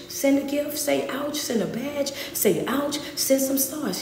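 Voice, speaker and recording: A woman motivational speaker and life coach giving a live-streamed talk in a rhythmic, repetitive, preacher-like cadence. She often drops to soft near-whispers to comfort her listeners. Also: sits high, lively intonation, slow, few pauses. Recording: roomy echo with faint background noise.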